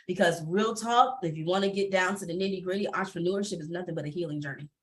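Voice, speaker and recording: Expressive woman on a video call. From Atlanta, US. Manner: expressive, laughing often, varied pitch. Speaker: panelist entrepreneur. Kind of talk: panel discussion, personal testimony.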